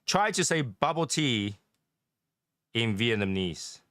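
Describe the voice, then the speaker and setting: A man's voice: medium pitch, very animated, slow, a bit bright, dry recording, studio quality. A middle-aged man chatting casually and animatedly, often laughing and imitating accents. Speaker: cigar chat co-host. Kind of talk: casual chat.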